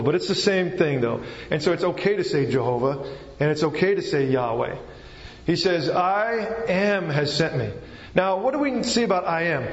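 Male preacher, sermon delivery, slightly high voice, long hall reverb, a touch lo-fi. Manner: explains step by step, checks in with the listeners. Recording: echoey hall, slightly dull sound.

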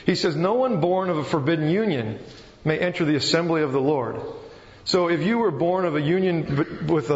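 Conversational preacher in an echoing hall. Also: male voice, a little high. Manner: conversational, rambling with restarts. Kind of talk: sermon. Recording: echoey hall, dull sound.

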